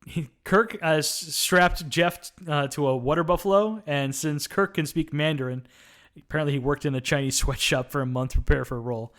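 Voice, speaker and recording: A man with a bright, fairly high voice co-hosts a casual film podcast. He retells movie scenes at a relaxed clip, dropping in plenty of fillers along the way. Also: moderate pace. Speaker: podcast co-host. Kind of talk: casual film review chat.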